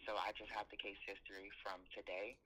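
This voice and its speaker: A man, a customer support manager, answering a complaint call in a calm, polite, procedural way. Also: lowish voice, fairly quick, a little hiss or hum. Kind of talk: customer service phone call. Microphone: telephone. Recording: tinny phone line.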